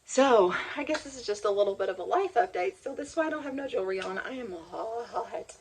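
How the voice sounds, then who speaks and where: A woman's voice: fairly high pitch, expressive, a little fast, slight background noise, poor audio. A woman chatting casually as a homeschooling mom vlogger, rambling and heartfelt. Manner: rambling and chatty, with many restarts and "like"; heartfelt, near tears. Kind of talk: casual sit-down chat.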